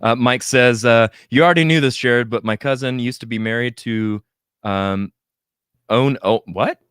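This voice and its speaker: A man's voice: mid-range voice, moderate pace, fairly bright tone, smooth, no room sound, clean studio sound. A man hosting a podcast, casually chatting and reading live comments with a joking, laughing manner. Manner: jokey, laughs often. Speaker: podcast host.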